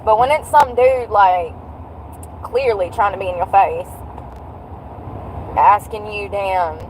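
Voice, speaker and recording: A woman's voice: mid-range voice, takes it slowly, slight background noise, poor audio. A woman, chatting bluntly and jokingly to a livestream from her car. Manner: blunt, joking and animated, with frequent laughs. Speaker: livestream vlogger. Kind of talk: casual chat to a livestream.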